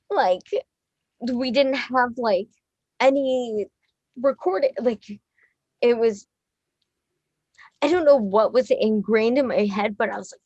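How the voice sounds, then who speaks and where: Slow rambling woman in her thirties. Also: a little high, no room sound, muffled recording. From Texas. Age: 30s. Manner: rambling, excitable, swears freely, laughs often. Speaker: interview guest, musician. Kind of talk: casual chat.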